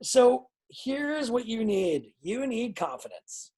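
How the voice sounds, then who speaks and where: Blunt, husky-voiced woman wrestling coach. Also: fairly high pitch, slow. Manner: blunt, excitable, swears freely. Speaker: pro wrestling trainer. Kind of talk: live online coaching feedback.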